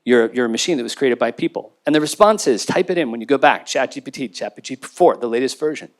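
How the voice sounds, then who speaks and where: A man's voice: medium pitch, lively intonation, quick pace. A man speaking as a panelist, talking intensely and emphatically in a university lecture theater. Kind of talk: impassioned panel talk.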